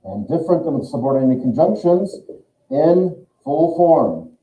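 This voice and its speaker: A man's voice: on the high side, expressive, a little slow, mellow. A man teaching a German grammar class, explaining step by step and thinking aloud. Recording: echoey room on a tinny lo-fi recording.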